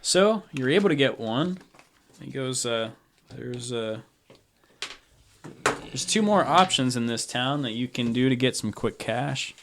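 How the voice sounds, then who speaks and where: A man's voice: mid-range voice, lively intonation, a little slow, long pauses, noisy background. A man narrating a tabletop game as game master, rambling casually and laughing often.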